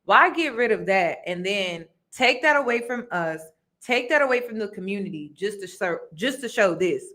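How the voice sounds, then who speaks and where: Brief: higher-voiced woman, casual vlog host, emphatic and repetitive, talks straight to viewers. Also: pushed and bright. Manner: chatty and emphatic, repeats points, addresses viewers as y'all. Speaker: reaction video host. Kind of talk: casual commentary on a reality show.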